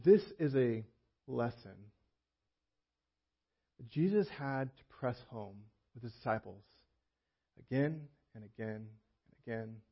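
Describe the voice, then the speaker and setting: A man preaching in an easy, conversational way, often acting out what people in the story might say. His voice is slightly husky and sits at a middle pitch. The recording is muffled and lo-fi. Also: slow, pauses often. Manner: conversational, acts out quoted voices. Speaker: pastor. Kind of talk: sermon. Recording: muffled lo-fi sermon audio.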